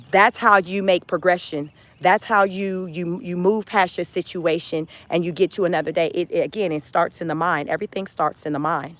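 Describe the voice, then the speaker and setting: A woman's voice: fairly low pitch, steady tone, normal speed, hardly any pauses, dry recording. Emphatic woman on a motivational livestream. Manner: emphatic, repeats phrases, laughs often. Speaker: livestream host. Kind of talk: casual motivational livestream talk.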